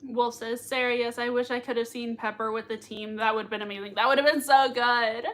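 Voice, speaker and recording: A woman hosting a live watch-party reaction, gushing excitedly, laughing often and reading out chat comments. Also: a little high, brisk. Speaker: livestream reaction host.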